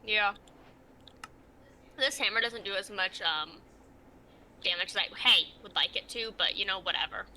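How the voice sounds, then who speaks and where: A woman's voice: mid-range voice, normal speed, pauses often, bright, forceful tone, slight background noise. A woman in casual, playful chat while playing a game together. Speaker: game co-player.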